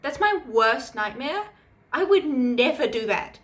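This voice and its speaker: Brief: woman co-host, somewhat high voice, dry and quick in casual chat. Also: sing-song, a bit bright. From outside the United States. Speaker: podcast co-host.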